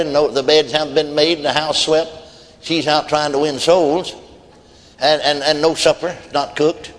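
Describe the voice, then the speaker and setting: A man's voice: on the high side, big-room sound. A man preaching a sermon, telling folksy stories with quoted voices and chuckles. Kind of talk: sermon storytelling.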